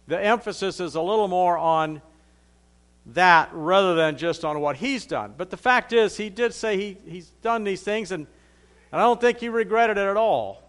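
Man preaching, conversational sermon, reads scripture aloud, fairly high voice. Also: normal speed, fairly bright tone.

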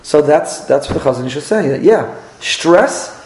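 A man, a rabbi teaching a class, lively and repetitive, acting out little dialogues as he lectures. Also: fairly high pitch, moderate pace, slight background noise. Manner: animated, repeats phrases and acts out little dialogues. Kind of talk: Torah class lecture with audience questions. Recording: roomy echoey room.

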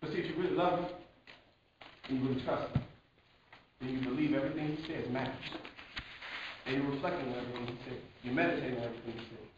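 A man preaching a sermon to his congregation, lively and repetitive, talking straight to the listeners. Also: medium pitch, fast talker, pauses often, background noise. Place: church hall. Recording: echoey hall, distant mic, dull sound.

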